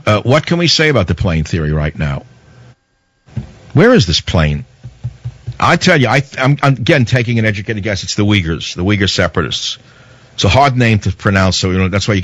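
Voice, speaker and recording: A man's voice: medium pitch, fairly bright tone, no room sound. A man hosting a talk radio show, delivering a rambling, sarcastic, heated monologue into a studio microphone.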